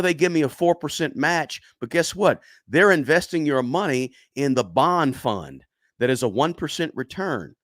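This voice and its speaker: A man talking money straight to his viewers, hammering points home by repeating words and tossing in "right?" again and again. His voice is fairly high and swings widely in pitch. The sound is close and dry, with no room echo. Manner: emphatic, repeats words for stress, frequent "right?". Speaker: personal finance YouTuber. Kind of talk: casual talk to camera.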